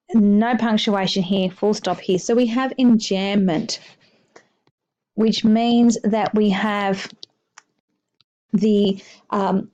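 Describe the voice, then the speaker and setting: A woman's voice: mid-range voice, dark tone, dull audio. A woman English teacher talking through a poem in a recorded lesson, explaining at an easy pace with many hesitations and fillers.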